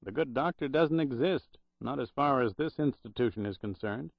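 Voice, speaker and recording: A man's voice: medium pitch, expressive, moderate pace, creaky, no room sound, voice pushed up. A man voicing a slangy, jaunty young records clerk in an audiobook, on a dull, dry recording. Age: young adult.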